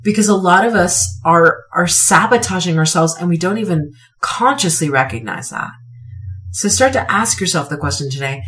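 A woman's voice: lowish voice, expressive, normal speed, a bit bright, recorded from a distance. A woman hosting a podcast, giving an earnest, emphatic motivational talk and repeating phrases for weight. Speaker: podcast host.

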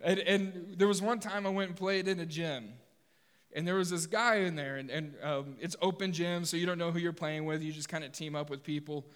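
A man preaching a sermon to his congregation, animated and joking with them now and then. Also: on the high side, fairly quick. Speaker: pastor. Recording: long hall reverb.

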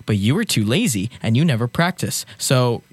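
A woman playing a loud, careless dad in an improvised comedy sketch, yelling and wailing in sudden high bursts. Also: sing-song, moderate pace, husky, no room sound, full character voice. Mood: lecturing. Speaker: podcast co-host. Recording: noisy recording with hiss.

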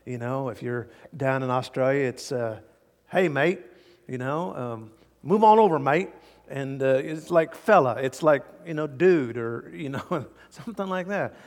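A man's voice: mid-range voice, normal speed, few pauses, big-room sound. A man preaching a sermon verse by verse, acting out the people he quotes and chuckling often. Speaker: pastor. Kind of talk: expository sermon.

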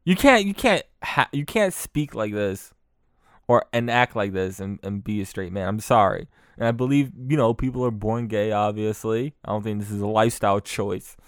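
A man hosting a podcast, giving crude comic commentary on clips, laughing often and excitable. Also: lowish voice, normal speed, clear, resonant tone, dry recording, clean studio sound. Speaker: podcast host.

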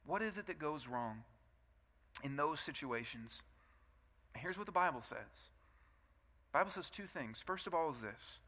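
Bright-voiced conversational man preaching. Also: fairly high pitch, animated, moderate pace, pauses often. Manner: conversational, asks rhetorical questions, acts out both sides of arguments. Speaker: pastor. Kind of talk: sermon.

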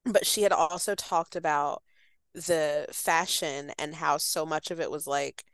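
A woman with a low voice and a gravelly edge, picking her way through her thoughts about a film. She talks in a loose, hesitant chat with plenty of "like" and restarts. The sound is smooth and dry, close to the mic. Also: fairly even intonation, a little slow, no echo. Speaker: guest writer. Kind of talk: casual film discussion.

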